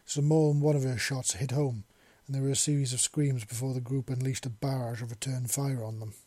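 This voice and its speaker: Mellow-voiced male story narrator. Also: medium pitch, fairly quick, no echo. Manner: steady storytelling. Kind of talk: audiobook narration of fan fiction.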